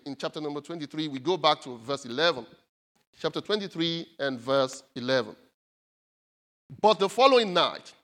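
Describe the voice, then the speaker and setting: A man's voice: high-pitched, sharp tone. A male pastor preaching a sermon, speaking emphatically and repeating key phrases for his congregation to take in.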